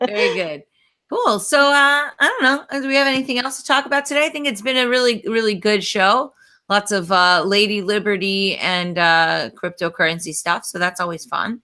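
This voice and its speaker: A woman hosts a casual podcast chat with a bright, forward voice. She is chatty and upbeat and quick to tease her guests. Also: medium pitch. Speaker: podcast host.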